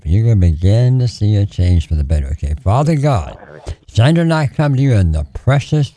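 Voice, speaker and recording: A man preaching and praying on the radio in a lively, pleading, repetitive cadence. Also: on the low side, dry recording. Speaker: radio preacher taking prayer calls.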